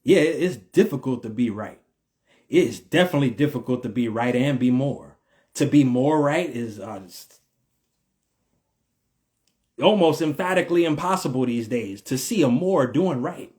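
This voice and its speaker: A man's voice: medium pitch, lively intonation, moderate pace, darkish tone. A man from the United States giving an emphatic, repetitive spiritual monologue in a vlog, in slangy speech with a preacher-like cadence. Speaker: vlogger.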